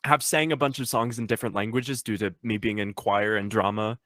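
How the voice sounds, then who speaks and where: A man's voice: on the low side, steady tone, fairly quick, fairly bright tone, no echo, clean studio sound. A young man guesting on a casual interview, easygoing, with a slight cold. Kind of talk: casual chat.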